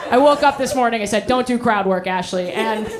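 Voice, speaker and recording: A high-pitched woman stand-up comic talks brash and crude, swaggering through crowd work. A loud audience roars behind her over heavy noise. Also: fairly quick. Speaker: stand-up comedian. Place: comedy club stage. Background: loud audience laughter.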